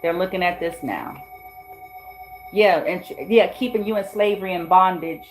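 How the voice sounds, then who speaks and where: A woman's voice: lowish voice, moderate pace, soft background music, poor audio. A woman giving a spoken tarot reading in a blunt, profane, slangy way. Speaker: tarot reader.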